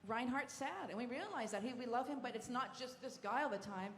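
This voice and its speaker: Fast-talking effusive woman moderating a panel. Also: fairly high pitch, lively intonation, a little hiss or hum. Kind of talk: live convention panel talk. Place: large convention hall stage. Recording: reverberant hall with crowd ambience.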